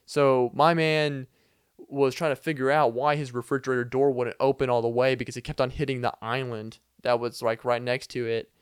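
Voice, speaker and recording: A man's voice: mid-range voice, flat delivery, moderate pace, smooth, dry recording, studio quality. A young man hosting a podcast, telling a rambling comedic story full of fillers and little laughs. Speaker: podcast host.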